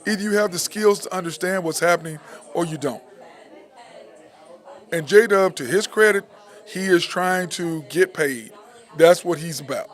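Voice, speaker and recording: A man's voice: sits high, moderate pace, pauses often. A man hosting a sports talk show, ranting with frustration about a basketball team, repeating his points.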